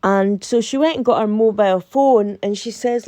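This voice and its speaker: A woman's voice: medium pitch, normal speed, dry recording. A woman with a Scottish accent, casually telling a storytime tale and acting out both sides of a conversation. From Scotland. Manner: animated, quotes herself and her friend in dialogue.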